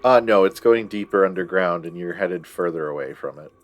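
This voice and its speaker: A man running a tabletop game as game master, explaining rules and narrating in a relaxed way with many fillers. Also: sits low, fairly quick, slight background noise.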